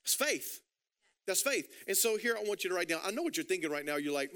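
A man's voice: high voice, big pitch swings, fairly quick, bright, forceful tone, clear, resonant tone. A male pastor preaching a sermon, urging the congregation on with repeated calls to write things down. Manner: urgent, repetitive exhortation with call-and-response.

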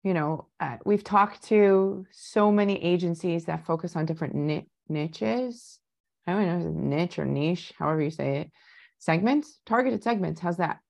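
Low-voiced woman host rambling through questions. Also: moderate pace, gravelly, a little mellow. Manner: rambling, stacking several questions at once. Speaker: podcast host. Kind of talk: casual interview talk.

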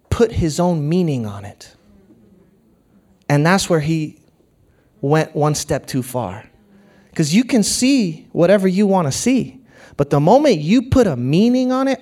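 Brief: middle-aged male pastor, slightly higher voice, earnest sermon delivery with hushed storytelling.

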